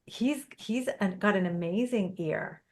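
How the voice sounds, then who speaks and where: A woman's voice: mid-range voice, a little slow. A woman hosting a podcast in casual interview chat, chatty and full of personal anecdotes. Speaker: podcast host.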